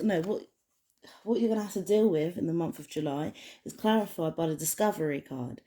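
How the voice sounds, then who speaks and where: A woman's voice: on the low side, dark tone. A woman giving a casual spoken oracle card reading, rambling with many restarts and fillers. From United Kingdom. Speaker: tarot card reader.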